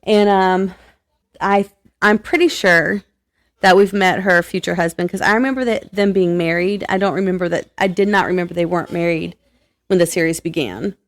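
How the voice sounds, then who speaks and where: Loud, laughing woman podcast co-host. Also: fairly low pitch, moderate pace. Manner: loud, laughs a lot, hesitant with fillers. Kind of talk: casual chat.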